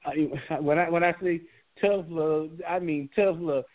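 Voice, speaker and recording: A man telling casual stories about sports, stammering and restarting as he goes. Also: a little high. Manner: halting, stammering storytelling. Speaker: podcast co-host. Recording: tinny phone-like line.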